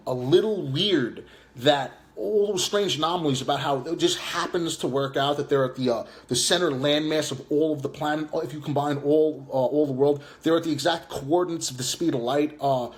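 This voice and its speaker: Man, new york accent, slightly high voice, taunting, rambling with fillers, casual live chat. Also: moderate pace, few pauses. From Long Island, New York. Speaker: live stream host.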